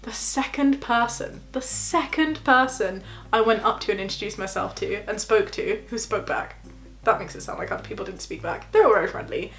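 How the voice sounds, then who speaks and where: A young woman chatting casually about her PhD life, laughing often and acting out quotes in high voices. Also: normal speed, a bit bright. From England. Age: young adult. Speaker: PhD student vlogger. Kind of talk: casual reaction vlog.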